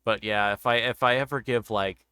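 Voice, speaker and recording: A man's voice: fairly low pitch, fairly even intonation, moderate pace, pushed and bright, smooth, no echo, studio quality. A man hosting an interview show in casual livestream chat, rambling through meandering explanations.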